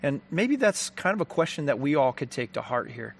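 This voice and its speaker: A man's voice: a little high, big pitch swings, a little fast, creaky, a little hiss or hum. A man giving an earnest, conversational faith talk, telling a story and applying it.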